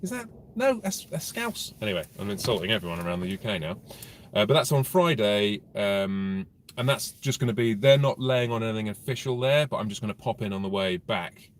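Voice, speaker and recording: A man chats through a live Q&A from his car. His voice sits a little low. He wanders off topic often and swears freely, delivering it all with dry, deadpan humour. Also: a little fast, a little hiss or hum. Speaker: motorcycle vlogger answering viewer questions. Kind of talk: casual live Q&A chat.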